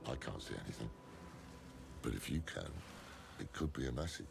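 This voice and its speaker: An ominous spirit from a dark fantasy game, his voice sunk to an extreme depth and grinding with heavy gravel. He speaks in slow, cryptic murmurs. The game audio carries a clear layer of noise behind him. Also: rumbling low, expressive, heavily acted. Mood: brooding.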